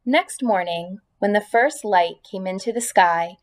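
A teacher reading a storybook aloud. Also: female voice, medium pitch, expressive, a little slow. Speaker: elementary school teacher. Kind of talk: children's book read-aloud.

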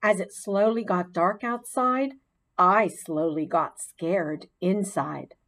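A woman narrating a children's storybook in the voice of a chatty hamster classroom pet, with expressive storytelling. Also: lowish voice, takes it slowly. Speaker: audiobook narrator.

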